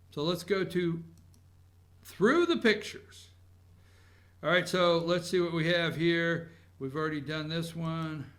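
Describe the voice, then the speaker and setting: A man hosting a talk show monologue, animated and blunt, swinging from loud outbursts to low muttering. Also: a little slow.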